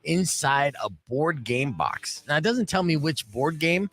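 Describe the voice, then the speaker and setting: A man's voice: on the high side, measured pace. A man hosting a morning radio show, telling jokey stories in casual banter. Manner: animated, jokey storytelling.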